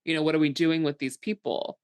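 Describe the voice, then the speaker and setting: A woman co-hosting a podcast, recapping a film in a blunt, animated, casual way with some swearing. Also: deep voice, fairly quick, no echo. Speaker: podcast co-host. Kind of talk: casual chat.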